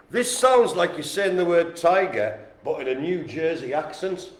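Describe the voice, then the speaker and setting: A man calls out bingo numbers on a live stream and keeps up a stream of jokes. His voice sits fairly high and bounces all over the place. The sound is roomy and echoey. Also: measured pace. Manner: jokey, animated, chatty with the room. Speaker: bingo caller. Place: indoor care home lounge. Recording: echoey room.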